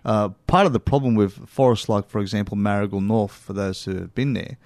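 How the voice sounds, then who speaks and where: A man's voice: on the low side, a little fast, darkish tone, no room sound. Wry man, dry close sound. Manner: wry, teasing, self-deprecating. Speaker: podcast co-host. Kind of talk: casual chat.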